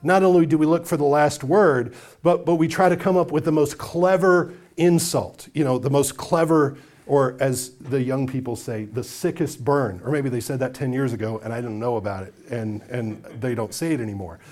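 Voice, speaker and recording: A man's voice: medium pitch, steady tone, moderate pace, a little mellow. A man preaching a sermon as pastor, talking earnestly and with emphasis, stacking up lists and putting questions straight to his congregation.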